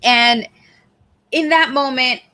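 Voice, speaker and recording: A woman talks earnestly in a casual podcast chat. Her voice sits a little high and sounds bright and sharp. She breaks into laughter often. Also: takes it slowly. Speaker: podcast co-host. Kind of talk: casual conversation.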